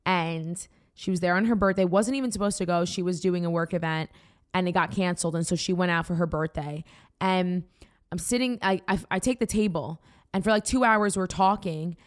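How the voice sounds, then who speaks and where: A young woman with a Boston accent hosting a casual chat podcast, telling rambling, excited stories full of fillers. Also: lowish voice, a little fast. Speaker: podcast host.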